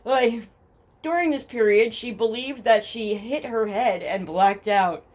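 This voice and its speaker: A woman's voice: fairly high pitch, a little slow, darkish tone. Profane, sarcastic Jersey woman telling true crime. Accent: New Jersey. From New Jersey. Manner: blunt, profane and sarcastic, reads case documents then mocks them. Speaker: true crime podcast host. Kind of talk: casual true crime storytelling. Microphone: headphones with a home mic.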